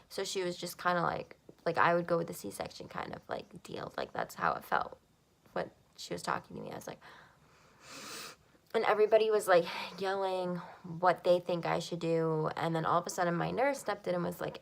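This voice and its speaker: A woman's voice: on the low side, lively intonation, moderate pace. A young woman telling a personal story to the camera, emotional, with a lot of "like" and "um". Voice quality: gravelly creak. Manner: emotional, frequent "like" and "um" fillers. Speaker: vlogger.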